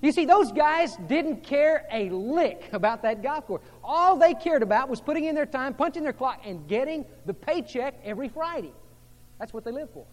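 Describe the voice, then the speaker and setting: High-voiced man preaching in a hall. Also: lively intonation, normal speed. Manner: shifts between hushed intimate tones and emphatic rising delivery. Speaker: pastor. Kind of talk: sermon.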